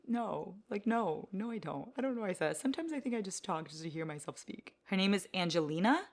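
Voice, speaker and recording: A woman book vlogger chatting casually, rambling along with excited gasps and the odd curse word. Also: mid-range voice, fairly quick, a little hiss or hum. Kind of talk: casual vlog chat.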